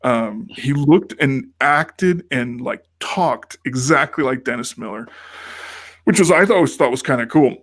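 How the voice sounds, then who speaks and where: His intonation lively, his pace a little slow, and his mid-range voice a bit bright, a man co-hosts a podcast in easygoing chat. He meanders through a story, acting out the quoted words of the people in it. The clean studio sound is dry.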